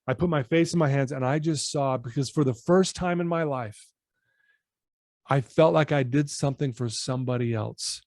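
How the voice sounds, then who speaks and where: A man's voice: mid-range voice, moderate pace, dry recording. Earnest man telling his story, dry sound. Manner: earnest, animated storyteller addressing the host. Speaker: guest, personal-development coach. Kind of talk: podcast storytelling.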